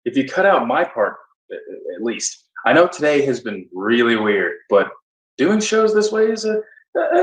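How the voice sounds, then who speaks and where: A man playing an earnest actor who tries to calm an angry castmate on a video call. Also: mid-range voice, far from the mic, close to an everyday voice. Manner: soothing, pleading, apologetic. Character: placating earnest actor Cliff. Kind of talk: comedic acting over video call. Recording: roomy sound from off the mic.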